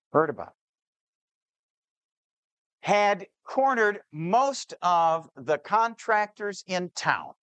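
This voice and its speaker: A man telling a true-to-life story to an audience, slowing down on key details and voicing the people in it. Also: sits high, fairly bright tone, no room sound. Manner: shifts pace, slows on key details, plays the people in the story. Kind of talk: dramatic spoken storytelling.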